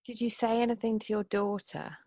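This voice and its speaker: A woman in her thirties hosting a podcast, asking gentle, empathetic questions and sharing about her own kids. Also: fairly high pitch, steady tone, fairly quick, no echo. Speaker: podcast host. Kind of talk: casual podcast interview.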